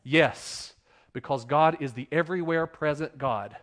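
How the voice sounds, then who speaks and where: A man giving a sermon as pastor, asking the congregation rhetorical questions and swinging between loud emphasis and quiet, hushed lines. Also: fairly high pitch, unhurried.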